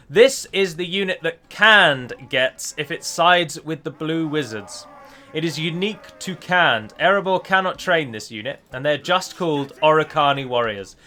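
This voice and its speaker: A man's voice: mid-range voice, sharp tone. A man giving a chatty gameplay voice-over as a mod developer, often correcting himself as he explains.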